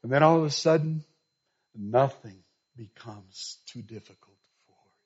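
A man preaching a sermon to a church congregation, telling a story and then pressing his point with loud, emphatic bursts. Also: medium pitch, a little slow, husky. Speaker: pastor. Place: church sanctuary. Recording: slightly dull, lo-fi recording.

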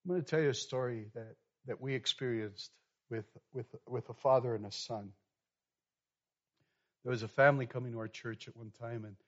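A male pastor telling a story in a sermon, moving from quiet and soft to loud and animated. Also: fairly high pitch. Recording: dull lo-fi sound.

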